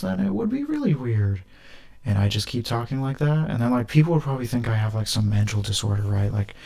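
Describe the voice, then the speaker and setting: A man with a gravelly, fairly low voice talks through his thoughts in a loose, casual stream. He leans on fillers and restarts, and the doubled audio adds a flanger-like smear. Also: darkish tone. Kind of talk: casual rambling monologue.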